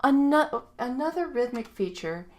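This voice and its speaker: A woman's voice: high voice, expressive, moderate pace. A woman music teacher narrating a recorded video lecture in a chatty way, scatting rhythms aloud to point out beats. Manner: chatty, scats rhythms with "ba" and "da" sounds.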